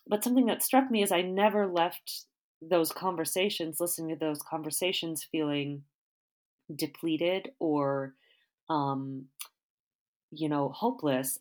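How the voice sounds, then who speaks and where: Female interviewer, deep voice, thoughtful and unhurried, long questions. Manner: warm, thoughtful, rambling questions with fillers. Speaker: interviewer, artist.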